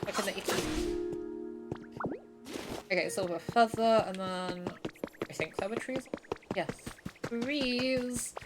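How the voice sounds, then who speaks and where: A woman streaming a game live, chatting excitedly and giggling as she talks to the characters. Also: mid-range voice, slow, long pauses. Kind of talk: casual live gameplay commentary. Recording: game music playing underneath.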